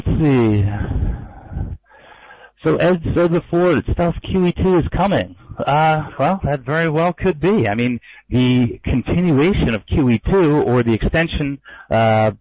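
A man talks through the markets in an offhand, conversational way, full of fillers, restarts and wry jokes. His voice is middling in pitch and close to the mic. The sound is dull and muffled, with no room echo at all. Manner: loose and conversational, many fillers, wry asides. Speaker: forex trader and trading educator. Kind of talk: casual market commentary webinar.

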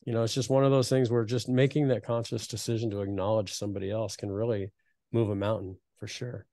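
A man in his fifties hosting a podcast, telling reflective, earnest stories in a relaxed conversational way. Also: fairly low pitch, fast talker, dry recording. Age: 50s. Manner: reflective, earnest storytelling with frequent restarts. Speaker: podcast host.

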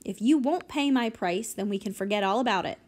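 A woman's voice: medium pitch, a little fast, a little mellow, natural voice. A woman reading an audiobook, voicing a stern, stubborn elderly homeowner who talks curtly. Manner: curt, snapping.

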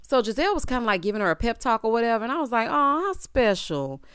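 A woman's voice: on the high side, lively intonation, very fast, clean tone, no room sound, studio quality. A woman hosting a reality TV recap, casual and sassy, talking straight to her viewers in slang.

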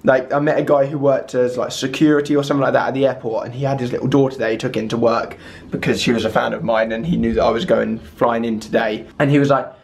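A young man in his twenties vlogging from a hotel room, tired but chatty and excitable, rambling to the camera. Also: medium pitch, fast talker, gravelly. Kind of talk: casual vlog chat.

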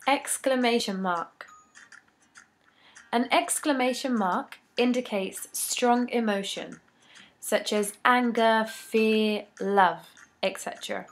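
A woman giving a scripted English grammar lesson, reading each rule and example in a measured, deliberate way. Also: fairly high pitch. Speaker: English teacher.

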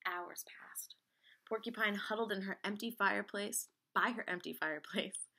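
A woman reads a picture book aloud, lively and expressive. Her voice is bright and crisp, and her sound effects come out sing-song. Her pitch sits in the middle. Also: moderate pace. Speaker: reader.

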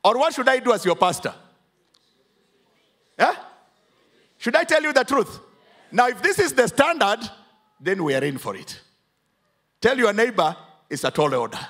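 A man's voice: extremely high pitch, sing-song, moderate pace, long pauses. A Kenyan man preaching a sermon as pastor, mixing English and Swahili, and calling out for responses from the congregation. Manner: dramatic, swings from hushed to loud emphatic.

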